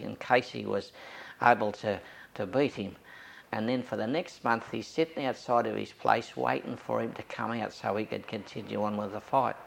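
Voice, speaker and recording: A man's voice: fairly low pitch, vocal fry. An older Australian man telling anecdotes from his youth in an oral history interview, acting out the voices of the people he quotes.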